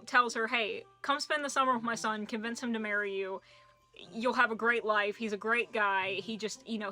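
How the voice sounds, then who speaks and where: A woman's voice: on the high side, pushed and bright. A woman in her twenties chatting casually through a book review vlog, joking and throwing in puns as she goes. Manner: chatty and jokey, with puns and asides.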